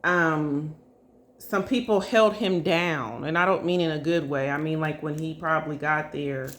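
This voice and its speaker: Low-voiced and measured in pace, a woman does an informal spiritual reading for the people watching. Her delivery is hesitant and loaded with fillers and hedges, punctuated by frequent "okay?" and "y'all" check-ins.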